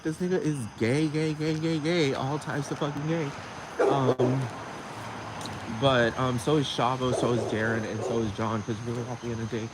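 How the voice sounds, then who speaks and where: A man ranting to camera in a sassy, heavily profane way and laughing often, outdoors at night. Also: mid-range voice. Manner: sassy, heavy swearing, frequent laughter. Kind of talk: casual profane rant to camera. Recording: noisy background with crickets.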